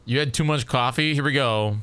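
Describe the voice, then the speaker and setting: A man chats casually on a live game stream, speaking briskly in a mid-range voice over a noisy background. He rambles, stacking restart after restart in his sentences.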